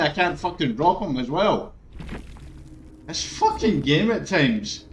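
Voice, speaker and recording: Swearing gamer man with lively pitch. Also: takes it slowly, pauses often, a little hiss or hum, poor audio. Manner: swears often, erupts into loud frustrated outbursts. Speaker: gaming video creator. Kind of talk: live gameplay commentary.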